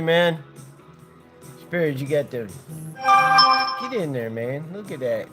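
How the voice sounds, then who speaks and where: A man's voice: on the high side, animated, slow, long pauses, music in the background. An American man on a casual livestream, talking in a laid-back way to his dogs and to viewers in the chat. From United States. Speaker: vlogger.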